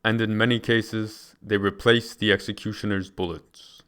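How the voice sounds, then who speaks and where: A man reading a book aloud in a measured, deliberate way, now and then restarting a phrase. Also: fairly low pitch, flat delivery, a bit bright, clean tone. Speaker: reader.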